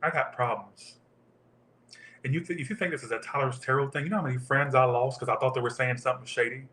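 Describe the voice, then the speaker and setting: A man's voice: medium pitch, steady tone, fast, pushed and bright, reverberant. Rambling, profane male tarot reader. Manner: rambling, profane, tangent-prone storytelling. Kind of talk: casual tarot reading monologue.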